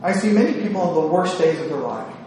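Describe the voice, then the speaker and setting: This psychiatrist's talk to a women's gathering is earnest and self-deprecating, a little nervous, with sentences that restart. His male voice is fairly high, mellow and very animated at a quick pace. A distant mic in an echoey hall captures slight background noise.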